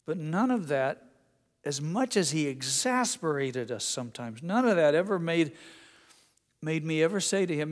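A man's voice: on the high side, lively intonation, moderate pace. Earnest preaching man in a reverberant hall. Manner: storytelling, earnest, with Bible readings. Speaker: pastor. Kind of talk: sermon.

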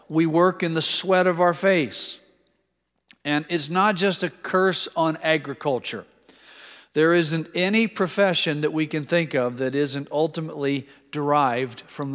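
A man delivering a sermon in a somewhat high voice, relaxed and conversational, stopping for personal asides and stories. His words ring out with a long reverb tail from the church hall. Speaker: preacher.

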